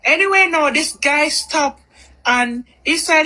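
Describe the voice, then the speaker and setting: A woman telling a personal story in a casual storytime video, animated and fond of repeating phrases for emphasis. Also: high-pitched, slow pace, rough recording.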